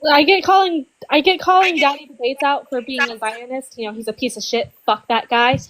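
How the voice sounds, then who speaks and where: A woman's voice: high-pitched, steady tone, fairly quick, a bit bright, poor audio. A woman in an online voice chat speaking bluntly and indignantly, swearing casually. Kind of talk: online voice-chat debate talk.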